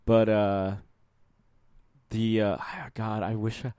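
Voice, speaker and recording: A man's voice: fairly low pitch, level tone, slow pace, warm tone, smooth, no room sound, studio quality. A man co-hosting a podcast, rambling loosely through casual chat, laughing often and swearing now and then. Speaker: podcast co-host.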